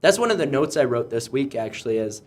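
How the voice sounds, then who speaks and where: A young man hosting a podcast, talking loudly in casual chat and often restarting his sentences. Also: mid-range voice, big pitch swings, fast. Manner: loud, rambling, with many restarts. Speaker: podcast host.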